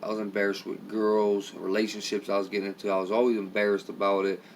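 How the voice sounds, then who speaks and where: Flat-voiced man talking candidly from afar. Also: on the low side, fast talker. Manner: candid, confessional, says "man" and "okay". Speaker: channel host. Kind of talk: casual talk to camera. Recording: distant mic with faint ambient noise.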